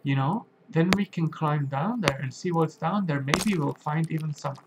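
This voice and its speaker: A man's voice: fairly high pitch, very noisy. A man narrating his video game play for young children, speaking simply and asking them questions as he goes. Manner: slow, simple and questioning, talks to young viewers. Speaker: game streamer for kids. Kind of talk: gentle gameplay narration for children.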